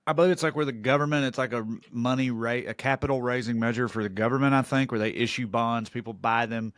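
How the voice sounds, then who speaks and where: A man co-hosts a casual podcast, cracking jokes and giving loose, hedged explanations. His voice sits at a middling pitch, and the recording is dry and close. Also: steady tone, fast talker, fairly bright tone, no echo. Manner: wisecracking, chimes in with jokes and rough explanations. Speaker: podcast co-host. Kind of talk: casual chat.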